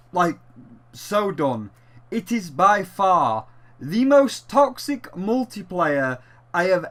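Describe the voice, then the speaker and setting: A man's voice: sits high, a bit bright. A man reviewing a video game in a sarcastic, exasperated way, with plenty of swearing.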